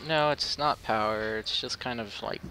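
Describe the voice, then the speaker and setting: A man's voice: fairly low pitch, normal speed, bright, forceful tone, slight background noise. A young man chatting casually and teasing his friend while playing a match, with jokey mock whining. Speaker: gamer recording a match. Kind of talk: casual gameplay chat.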